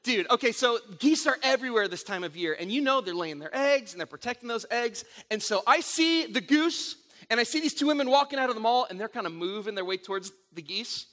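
A middle-aged man preaching a sermon, telling stories in an animated way with frequent restarts. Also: very high voice, a little fast. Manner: animated storytelling with repeated restarts. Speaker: pastor.

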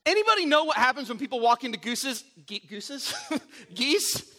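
A middle-aged man preaching a sermon, telling stories in an animated way with frequent restarts. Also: very high-pitched, normal speed. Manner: animated storytelling with repeated restarts. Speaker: pastor.

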